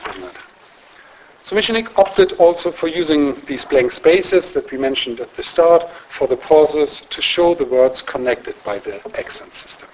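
A male lecturer talks through his points in a steady, explanatory way, pausing on fillers and checking in with the room. His voice sits at an ordinary middle pitch, with a faint hiss of noise behind him. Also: low-quality recording. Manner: measured, explanatory, with frequent fillers and tag questions. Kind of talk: academic lecture.

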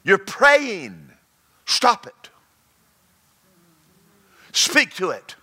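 A man preaching a sermon in a bright, ringing voice that sits a little high. He mixes jokes and folksy asides with loud exhortation, then drops to quiet storytelling. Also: huge pitch swings, extremely slow, husky.

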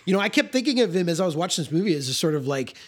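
A man in casual film talk, his pitch leaping around as he gets carried away. His voice has a slightly husky edge and sits a bit higher than most. He stumbles and restarts, repeating words as he goes. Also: very fast. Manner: animated, lively, repeats words when restarting. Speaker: podcast co-host.

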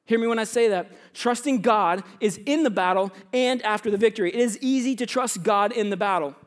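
Speaking high and fairly quickly, this thirtysomething pastor to students and young adults delivers a sermon like a storyteller. He acts out small scenes and slips into quiet, hushed tones for his anecdotes.

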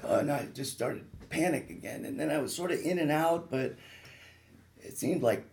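On a radio talk show, a reconstructive surgeon appears as a guest and relates his own ordeal in a gravelly, fry-touched, slightly mellow voice at normal speed. He paints earnest, vivid pictures, pitch and intensity rising at the worst moments, with a faint hiss or hum behind him.

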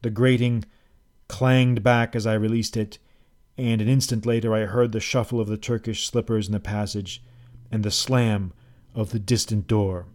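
A man narrating a first-person story aloud in a measured, dramatic reading. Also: fairly low pitch, level tone, darkish tone. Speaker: audiobook narrator.

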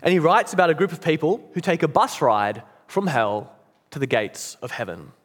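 A man's voice: sing-song, normal speed. A man preaching a sermon in an earnest, emphatic way. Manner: earnest, emphatic, drops low and soft at key points. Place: church. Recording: long church reverb.

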